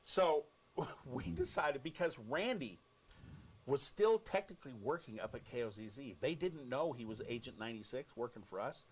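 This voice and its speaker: A man's voice: mid-range voice, normal speed, a little hiss or hum. American man telling a radio war story. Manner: animated storyteller, acts out quotes. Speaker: radio host. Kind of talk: casual storytelling on air.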